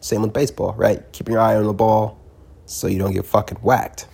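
A man's voice: lowish voice, level tone, brisk, creaky, darkish tone, husky. A young man casually telling a rambling, profane story as a podcast host, often laughing and circling back on himself.

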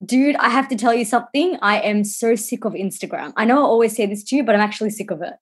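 A woman, co-hosting a casual podcast and telling animated stories with casual swearing. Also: fairly high pitch, fast, breathy edge. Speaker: podcast co-host. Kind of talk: casual chat.

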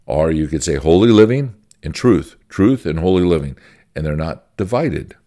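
A man's voice: sits low, expressive, normal speed, dark tone. A man, a pastor, giving an informal church-history teaching in a conversational, folksy way, repeating phrases as he goes.

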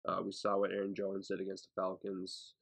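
A man's voice: low voice, monotone, fairly quick, creaky. A man going through fantasy football picks on a podcast, hesitant with frequent ums. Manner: hesitant, lots of ums and uhs. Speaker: podcast co-host.

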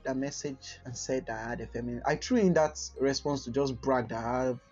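A man's voice: mid-range voice, fairly even intonation, fairly quick, darkish tone, husky, highs cut off, soft background music. A man hosting a casual podcast chat, laughing often and teasing his guest. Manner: giggly, apologetic, teasing. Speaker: podcast host.

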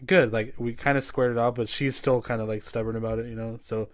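A man's voice: medium pitch, fairly even intonation, fast talker, no echo. Guy rambling thru a story on a podcast, lots of "like", dry sound. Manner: rambling, heavy on "like" and swearing. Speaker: podcast host. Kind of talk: casual storytelling chat.

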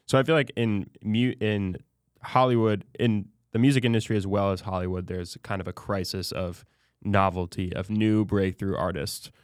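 A man's voice: fairly low pitch, fairly even intonation, moderate pace, dry recording, studio quality. A man hosting a podcast in casual chat, talkative, with wry, self-aware asides. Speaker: podcast host.

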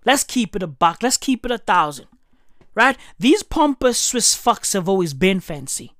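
A woman's voice: mid-range voice, big pitch swings, normal speed, a bit bright, no echo, clean studio sound. A woman doing a profane comedic rant, heavy on slang, riffing and swearing constantly. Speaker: comedic commentator.

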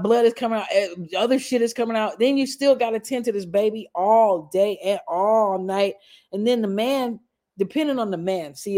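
A woman's voice: medium pitch, a little mellow. A woman hosting a casual gossip vlog, talking bluntly and cursing freely to her viewers. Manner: blunt, heavy cursing, chatty asides. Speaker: gossip vlogger. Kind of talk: casual profane commentary.

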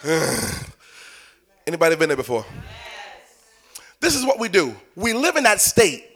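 Animated preacher man, high lively voice. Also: a little slow. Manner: animated preaching, swinging from loud calls to hushed asides. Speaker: pastor. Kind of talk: sermon.

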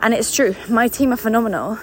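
A young woman, a business coach and company founder, gives an unscripted motivational talk in a fairly high voice. She talks fast and enthusiastically, sounds a little out of breath, and repeats words for emphasis.

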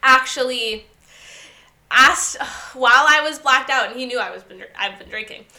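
A woman's voice: sits high, moderate pace, bright, forceful tone. A young woman in her twenties telling stories in a casual chat, giggly and often trailing off.

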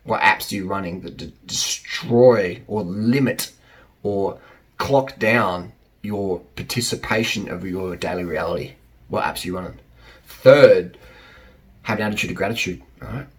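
A man's voice: low voice, measured pace. Blunt, jokey man giving dating advice. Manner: blunt, jokey, repeats points with laughs. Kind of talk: casual advice monologue.

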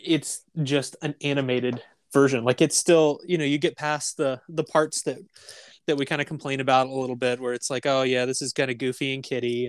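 A man co-hosts a casual podcast with a mid-pitched voice on a dry, close mic. He jokes, swears freely and stumbles through quick repeated restarts. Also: dry recording. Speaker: podcast co-host.

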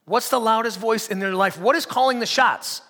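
Guy preaching, pretty high voice, keeps asking the same question over and over, gets loud, churchy echo. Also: moderate pace, vocal fry. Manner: repeats rhetorical questions, building to loud emphatic peaks. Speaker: pastor. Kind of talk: sermon.

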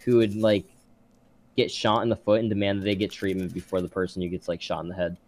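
Low-voiced guy cracking edgy jokes. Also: flat delivery, quick pace, a little mellow. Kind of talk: casual joking chat among friends.

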